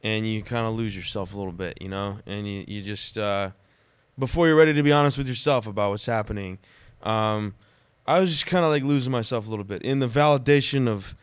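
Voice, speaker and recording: A man who is a podcast guest, telling personal stories in a dramatic, animated way during casual conversation. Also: on the low side, brisk, clean tone, no room sound.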